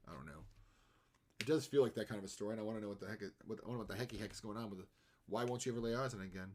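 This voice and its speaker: A man's voice: fairly low pitch, very fast, a little mellow, slight background noise. Chatty, laughing male livestreamer. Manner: rambling and chatty, laughs often. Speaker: livestreaming artist. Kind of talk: casual chat while drawing on a live stream.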